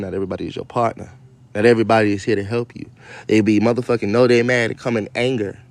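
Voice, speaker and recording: A man casually reading a children's story aloud and breaking off into loud, profane, joking commentary. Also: mid-range voice. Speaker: radio show host reading to kids.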